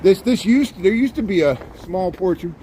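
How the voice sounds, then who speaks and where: A man's voice: high-pitched, lively intonation, normal speed, warm tone, poor audio. A man in his forties from Indiana with a Midwestern accent hosts a walking livestream on a city street. He talks in a folksy, rambling way, filling his sentences with "here" and "there.". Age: 40s. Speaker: livestream host. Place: outdoors on a city street in light rain. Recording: street noise behind.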